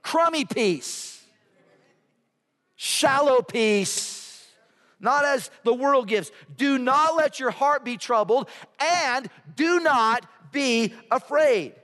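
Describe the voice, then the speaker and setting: A man's voice: very high voice, expressive, slow, a bit bright, big-room sound. A man preaching a sermon as pastor, telling stories and throwing rhetorical questions to the congregation.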